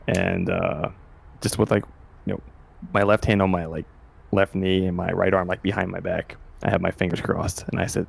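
A man's voice: deep voice, animated, moderate pace, vocal fry, breathy edge. A man playing a tabletop role-playing game, describing his character's moves in a rambling, offhand way. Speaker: player. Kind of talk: casual tabletop role-play.

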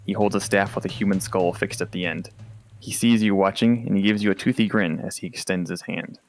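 A man's voice: low-pitched, fairly even intonation, a little fast, dry recording. A man narrating a tabletop game as game master, describing scenes vividly with casual fillers.

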